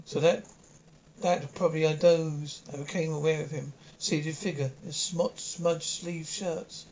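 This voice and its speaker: A man narrating a novel in the first person, reading haltingly with frequent slips and restarts. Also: on the high side, darkish tone. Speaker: audiobook narrator. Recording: dull lo-fi recording with faint hiss.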